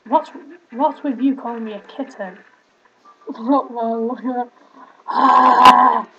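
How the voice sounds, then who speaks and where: A woman's voice: fairly high pitch, unhurried, mellow, slight background noise. A young woman streaming a game, chatting and giggling between reading the on-screen text aloud, with fond asides. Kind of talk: casual let's play commentary and reading game text aloud. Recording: slightly muffled home stream audio.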